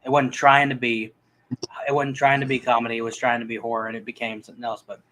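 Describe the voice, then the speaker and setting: A man's voice: medium pitch, little pitch movement, fast talker, sharp tone, rough recording. A man reviewing movies in a casual, rambling chat, full of restarts and fillers.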